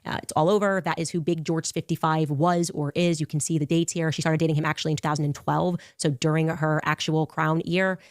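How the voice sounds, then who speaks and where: A woman's voice: deep voice, steady tone, brisk, few pauses, no room sound, clean studio sound. A woman in her thirties hosting a podcast, talking through a timeline with exasperated sarcasm. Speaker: podcast host. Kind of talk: podcast commentary.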